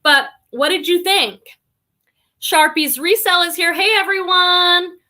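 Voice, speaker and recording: Woman, slight boston accent, high voice, chatty livestream host, upbeat. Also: fairly even intonation, slow pace, bright, forceful tone. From Boston area. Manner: chatty, upbeat, greets viewers by name. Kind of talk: casual livestream chat reading comments.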